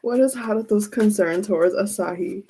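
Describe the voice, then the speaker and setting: A woman's voice: mid-range voice, normal speed, vocal fry, dark tone, slight background noise. A woman giving a casual tarot reading who keeps breaking into giggles as she talks. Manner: giggly, often breaks into laughter. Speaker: tarot reader.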